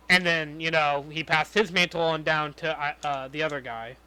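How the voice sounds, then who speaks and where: A man's voice: fairly high pitch, moderate pace, few pauses, pushed and bright, clean tone. A young man co-hosting a podcast in casual chat, griping about a movie with a lot of swearing. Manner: profane, ranting movie criticism. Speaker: podcast co-host.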